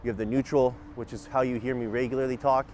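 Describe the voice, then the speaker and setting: A man giving casual dog-training instruction outdoors on a walk with his dog, shifting between upbeat and calm and giving short commands. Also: mid-range voice, fast talker, a little hiss or hum.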